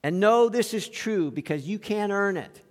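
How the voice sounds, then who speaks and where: A male pastor preaching an animated sermon, acting out quoted voices and chuckling between points. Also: high-pitched, normal speed. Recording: long hall reverb.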